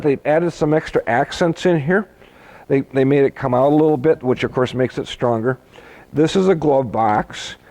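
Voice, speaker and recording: A man's voice: mid-range voice, darkish tone, low-quality recording. A man, a boat salesman, walking through a boat's features in a chatty, folksy way, joking as he goes. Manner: chatty, folksy, jokes and laughs easily. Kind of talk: product walkthrough. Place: boat dealership.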